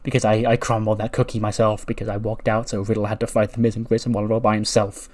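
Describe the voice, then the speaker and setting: A man's voice: fairly low pitch, little pitch movement, fast talker, darkish tone, lightly acted. A man voicing a cool, irritated male wrestler who speaks curtly. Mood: annoyed.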